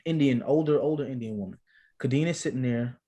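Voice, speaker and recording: A man who is an actor and father, telling a personal story casually as a podcast guest, with lively delivery and casual slang. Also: medium pitch, quick pace.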